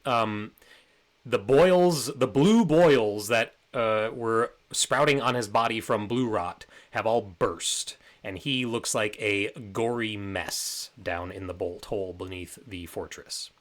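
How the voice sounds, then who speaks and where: Low-voiced male game master. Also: slow pace. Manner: relaxed, rambling with many fillers. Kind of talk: narrating a tabletop game.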